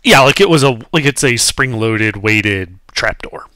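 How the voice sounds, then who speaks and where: A man's voice: medium pitch, animated, a little slow, pushed and bright, clear, resonant tone, dry recording. A man running a tabletop game as game master, describing scenes casually with fillers. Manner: casual, explains with many fillers.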